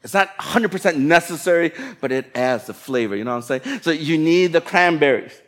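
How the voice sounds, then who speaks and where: A man's voice: a little high, animated, fairly quick, a bit bright. A man preaching a sermon in a conversational, playful way, acting out people's thoughts as he goes. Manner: conversational, playful preaching with acted-out inner voices. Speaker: pastor.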